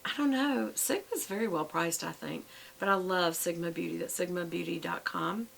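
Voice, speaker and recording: A middle-aged woman chats through a casual show-and-tell vlog. Her voice sits low with a gravelly fry, and she rambles along with fillers and corrects herself mid-sentence. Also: moderate pace, fairly bright tone, a little hiss or hum, poor audio. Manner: chatty, rambling, with many fillers and self-corrections. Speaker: vlogger.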